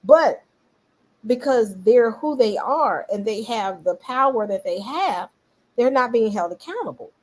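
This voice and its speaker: A woman giving casual political commentary, animated and talking straight to her viewers. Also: fairly high pitch, measured pace, low-quality recording. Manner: animated, talks back to viewers, quotes others in voices.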